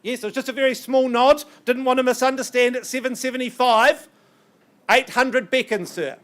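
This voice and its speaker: A man working as an auctioneer, calling bids in a brisk, coaxing patter with banter, his voice strained and getting worn. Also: very high voice, steady tone, a bit bright. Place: auction room.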